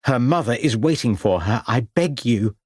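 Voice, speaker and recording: A man's voice: mid-range voice, animated, normal speed, a little mellow, breathy edge, dry recording. A man voicing a frantic young woman who pleads and cries out in despair. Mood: pleading. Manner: anguished, pleading.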